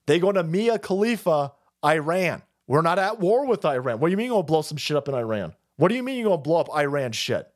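A middle-aged man rants on a live stream, swearing often and getting angrier as he goes. His voice sits fairly high and swings widely in pitch, rising and falling as he talks. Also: big pitch swings, fast talker. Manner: profane, ranting, angry. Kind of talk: political rant stream.

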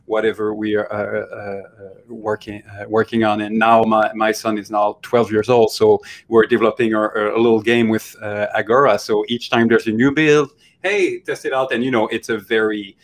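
Thoughtful man, halting speech. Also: on the low side, little pitch movement. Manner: hesitant, many restarts, thoughtful. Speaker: animation studio panelist. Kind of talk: casual chat.

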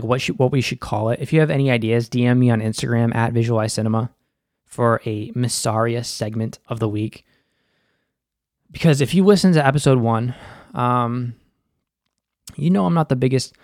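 A man's voice: mid-range voice, darkish tone, no echo, clean studio sound. A young man giving a casual, profane breakdown of a TV episode, full of filler words. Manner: laid-back and profane, full of "like". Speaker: film and TV recap host.

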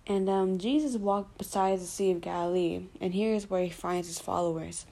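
A Bible study presenter with a slightly low, mellow, creaky female voice casually retells a scripture passage. Her delivery is loose and conversational, full of fillers as she thinks aloud, and she stops to correct herself.

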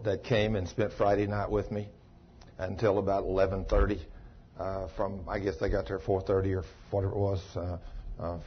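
A man's voice: fairly low pitch, breathy edge. A man, a pastor preaching a sermon in a folksy way, exclaiming and acting out the dialogue of a story he retells. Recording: muffled lo-fi sermon tape.

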